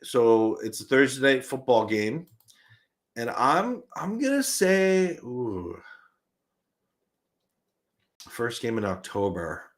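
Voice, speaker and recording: A young male host chats through a live fan stream at an ordinary mid pitch. He reads viewer comments aloud, chuckles between thoughts, and often restarts his sentences. The delivery stays casual and animated throughout. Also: slow.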